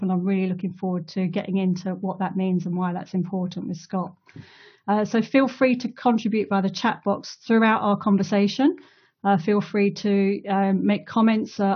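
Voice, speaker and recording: A woman's voice: medium pitch, slightly rough, dull audio. A woman hosting a casual online interview, chatty, laughing easily and using many fillers, speaking over a video call. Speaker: host of an online community talk.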